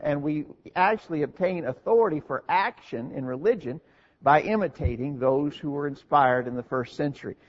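A man preaching a sermon, earnest and explanatory, asking and answering his own questions. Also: fairly high pitch. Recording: dull lo-fi recording.

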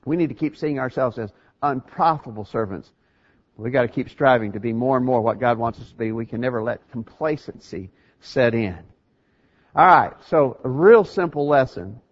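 A man's voice: medium pitch, expressive, normal speed. Earnest male preacher, slightly muffled. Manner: earnest, emphatic, with many restarts. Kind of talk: sermon.

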